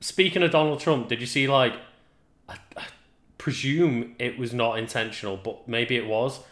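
A man's voice: mid-range voice, fairly even intonation, normal speed, a bit bright. Easygoing guy chiming in on a podcast, swears a bit, echoey room. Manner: laid-back, short reactions, occasional swearing. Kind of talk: casual chat. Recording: roomy echo.

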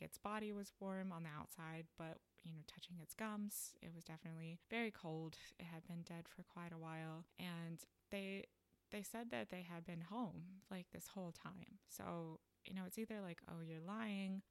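A woman's voice: on the low side, no room sound. A woman podcast host and vet tech telling stories in a casual, chatty way, full of "you know" fillers. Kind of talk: casual storytelling monologue.

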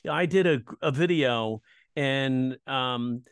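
A man's voice: mid-range voice, slow pace, a little hiss or hum. A man, a comedian and comedy coach, telling stories in a casual interview and acting out the voices of the people he quotes. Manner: animated, acts out quoted voices. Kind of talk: casual storytelling chat.

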